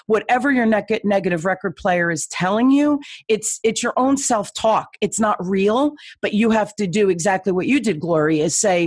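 A woman's voice: mid-range voice, lively intonation, normal speed, slightly rough, no room sound. A woman podcast host and business coach, talking in a motivational, affirming way and repeating key phrases. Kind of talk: encouraging podcast talk.

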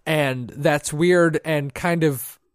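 A man's voice: fairly high pitch, steady tone, takes it slowly, clean tone, dry recording, studio quality. A man co-hosting a casual podcast, telling rambling stories with frequent restarts. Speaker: podcast co-host. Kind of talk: casual chat. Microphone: headphones, podcast mic.

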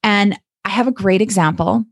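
A woman coach from Canada talks straight into the mic in a gentle, encouraging podcast monologue. Her voice sits at an ordinary middle pitch. The sound is dry and close, with no room echo. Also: normal speed, creaky, breathy edge. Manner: warm encouraging coaching talk.

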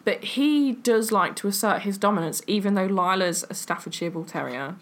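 A woman's voice: medium pitch, lively intonation, moderate pace. An English woman co-hosting a podcast, telling stories in casual chat, full of likes and ums and laughing along. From England. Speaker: podcast co-host. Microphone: webcam setup, remote call.

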